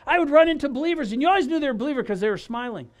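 High-voiced man telling his testimony. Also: rapid-fire. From Wisconsin, USA. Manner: animated, acts out dialogue, restarts often. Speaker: guest giving testimony. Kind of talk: personal testimony storytelling.

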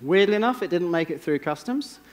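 Wry English man, conference talk, a little high-pitched, reverberant stage sound. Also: expressive, a little fast, a little hiss or hum. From England. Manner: wry, self-deprecating storytelling. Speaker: conference speaker. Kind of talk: keynote talk. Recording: long reverb of a large hall.

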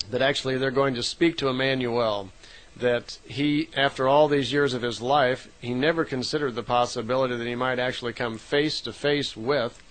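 A middle-aged man casually retelling a long story, relaxed, with frequent fillers and self-corrections. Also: mid-range voice, low-quality recording. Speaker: lecturer retelling a contact story.

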